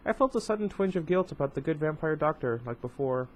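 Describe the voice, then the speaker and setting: A man's voice: fairly high pitch, lively intonation, quick pace, poor audio. A man reading a novel aloud in first person, dropping offhand asides and correcting himself as he goes. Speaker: book reader. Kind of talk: casual read-aloud of a novel.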